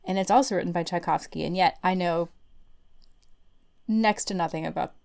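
A woman co-hosting a podcast in casual chat, self-deprecating and quick to laugh. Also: lowish voice, gravelly, darkish tone. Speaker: podcast co-host.

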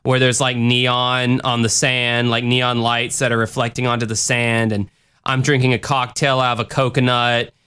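A man hosting a podcast, answering listener questions in a profane, rambling way with animated rants. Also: medium pitch, normal speed, clear, resonant tone. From Florida. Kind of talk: casual podcast rant.

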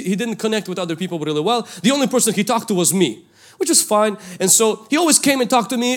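A male pastor, preaching a sermon and telling a story from his youth, swinging between loud calls and hushed asides. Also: sits high. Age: 20s at the time of the story, now older.

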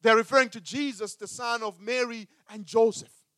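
A man preaching a sermon as a pastor, with emphatic delivery that swings between loud and hushed. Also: extremely high pitch, fairly even intonation, normal speed, dry recording, clean studio sound.

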